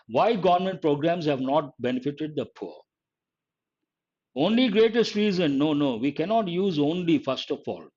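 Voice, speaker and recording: A man's voice: fairly high pitch, darkish tone, breathy edge. A man teaching grammar in a live exam-prep class, explaining step by step and repeating key phrases. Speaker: English teacher. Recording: dull lo-fi online class audio.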